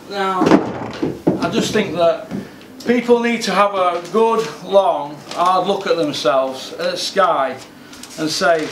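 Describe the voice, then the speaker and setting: A man's voice: high voice, slow pace, pauses often. Bloke ranting on his own, keeps repeating himself, sounds far off in an echoey room with faint hum behind. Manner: exasperated, repetitive ranting. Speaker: boxing commentator. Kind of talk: ranting vlog monologue. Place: home gym.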